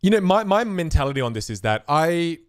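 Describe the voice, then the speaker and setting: Animated chatty man with a dry close sound. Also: fairly high pitch, fairly quick, no room sound. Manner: chatty, animated, acts out voices of spectators and hecklers. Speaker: magic instructor answering viewer questions. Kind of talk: casual live stream Q&A.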